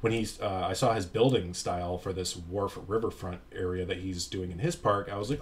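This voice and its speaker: A young man talks over his gameplay in a loose, rambling way, full of fillers and little self-deprecating asides. His voice sits on the low side for a man. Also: fairly even intonation, moderate pace, few pauses. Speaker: YouTuber. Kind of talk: casual gameplay commentary.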